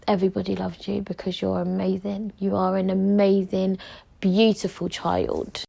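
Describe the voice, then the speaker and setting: A woman's voice: medium pitch, level tone, moderate pace, gravelly, warm tone. A woman hosting her own podcast, talking casually and candidly, full of "like" and "you know", and open about her feelings. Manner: chatty, candid, heavy use of "like" and "you know". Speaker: podcast host. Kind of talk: casual solo podcast chat.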